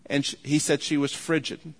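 A man preaching a sermon as pastor, earnest and pleading, slowing down to stress his points. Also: a little high, level tone. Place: church sanctuary.

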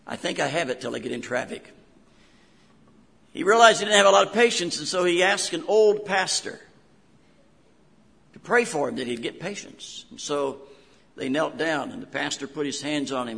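A man's voice: fairly high pitch, creaky, fairly bright tone, slightly rough, big-room sound. An older man with a West Virginia accent, a pastor preaching a sermon in a folksy storytelling way with homespun asides.

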